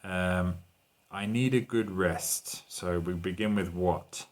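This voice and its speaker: A man's voice: low voice, takes it slowly. A man teaching an online English lesson, walking learners through exercises and translating lines into Spanish.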